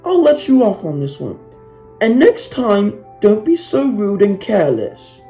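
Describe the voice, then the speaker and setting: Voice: big pitch swings, mellow, faint music behind. A narrator putting on a proud old lady lorry. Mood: forgiving. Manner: high, drawn-out, teasing delivery. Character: elderly female vintage steam lorry, proud and sly. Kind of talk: storybook reading.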